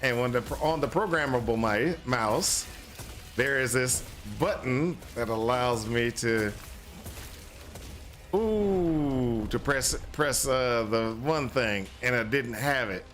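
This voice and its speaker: A man's voice: medium pitch, takes it slowly, a bit bright. Rambling man talking through a game. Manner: rambling, restarts often, exasperated exclamations. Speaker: gaming streamer. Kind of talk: casual gameplay commentary.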